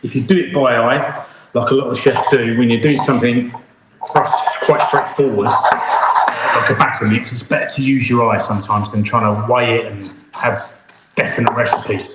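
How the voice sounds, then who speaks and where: A man's voice: mid-range voice, fairly even intonation, moderate pace. A middle-aged man hosting a live online cookalong as a chef, chatty and upbeat as he talks while cooking in his home kitchen. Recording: very echoey room, faint noise.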